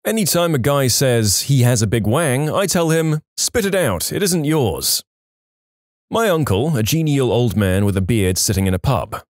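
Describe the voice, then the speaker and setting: A man narrating reddit stories in a scripted read, briskly and with timed punchlines. His pitch moves in an animated way, and the recording is close and dry with no room sound. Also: no echo. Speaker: story narrator.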